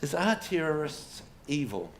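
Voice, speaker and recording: A man's slightly high, sing-song voice moves at a measured pace as he lectures a live pub audience. Wry humour and rhetorical questions run through his stories, and the listeners laugh amid faint room noise.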